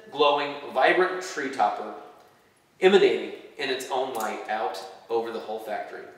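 A man reading his own fan fiction story aloud, with animated storytelling. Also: fairly high pitch. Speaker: reader. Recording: echoey hall from far off.

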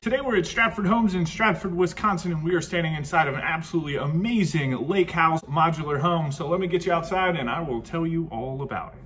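A man's voice: fairly high pitch, fast, hardly any pauses, fairly bright tone, a little hiss or hum. A man hosting a home tour video, walking around a model house and gushing over its features in a chatty, upbeat way. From United States. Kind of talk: enthusiastic home tour walkthrough.

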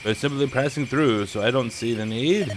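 A man's voice: medium pitch, normal speed, noisy background, natural voice. A man reading game dialogue aloud, voicing an earnest young noble lord who stammers when flustered. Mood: calm.

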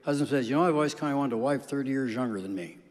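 A comedian from South Dakota telling deadpan jokes on stage, slipping into quick character voices. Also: male voice, mid-range voice. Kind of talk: stand-up jokes on stage, then interview. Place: large concert hall stage. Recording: reverberant hall.

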